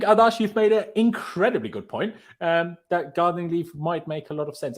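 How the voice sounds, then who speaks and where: A man hosting a football fan livestream in casual chat, rambling and laughing often. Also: on the high side.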